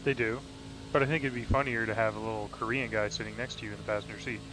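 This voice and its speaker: A man's voice: on the low side, steady tone, quick pace, noisy background. Joking man on a casual podcast. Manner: joking, slips into silly put-on voices. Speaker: podcast co-host. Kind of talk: casual comedic chat.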